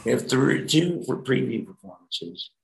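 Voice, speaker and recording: A middle-aged actor telling rambling, profane anecdotes in a casual interview. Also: male voice, medium pitch, expressive, measured pace, creaky, echoey room, rough recording.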